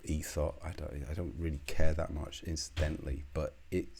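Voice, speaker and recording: A man's voice: rumbling low, flat delivery, normal speed, creaky, a little mellow, breathy edge. A British man giving a solo political commentary, scornful and heated, swearing often.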